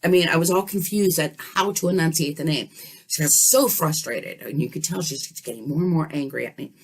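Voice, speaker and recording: Low-voiced woman telling a story. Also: fairly quick, husky. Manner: animated, checks in with the listener often. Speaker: dream vlogger. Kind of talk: casual storytelling.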